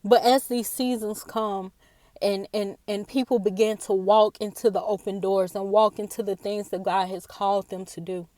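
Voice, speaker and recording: A woman giving a personal devotional talk, earnest and halting, often repeating her words, tearful after a day of crying. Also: mid-range voice, fairly even intonation, mellow, no echo. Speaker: faith speaker.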